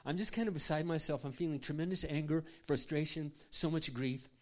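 A man's voice: fairly high pitch, a little fast, pitched above the performer's own voice, natural voice. A man acting out a young woman who is grieving and distressed. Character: grieving young woman, devastated horse lover.

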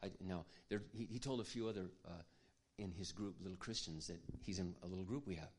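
A man preaching, telling a personal story in an earnest, confiding way that often drops to a hush. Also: low voice, fairly quick, slight background noise. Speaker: pastor. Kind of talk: sermon storytelling.

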